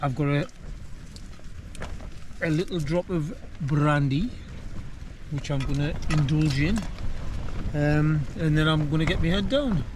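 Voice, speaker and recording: Older man, slightly high voice, rambling casual vlog talk, self-deprecating, wind noise on an outdoor hillside. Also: a little slow, pauses often. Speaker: wild camping vlogger. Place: windy hillside campsite outdoors.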